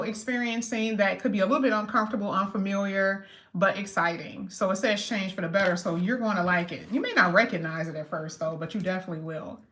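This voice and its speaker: A woman giving a casual tarot reading to camera, chatty and lively, talking straight to her viewers and slowing down to stress key phrases. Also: mid-range voice, slight background noise. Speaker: tarot reader.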